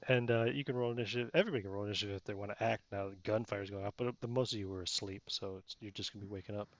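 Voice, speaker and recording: A man's voice: fairly low pitch, fairly even intonation, rapid-fire, highs cut off. A man running a tabletop game as game master, narrating casually and rambling with many fillers.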